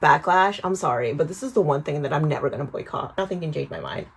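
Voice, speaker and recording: A young woman in her twenties tells a storytime to her viewers with a slightly husky, breathy voice that sits a little low. She is chatty and animated, swears freely and keeps calling the viewer "girl" as she works through her skincare routine. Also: fast talker. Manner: talks while doing a skincare routine. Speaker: vlogger. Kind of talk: casual storytime vlog.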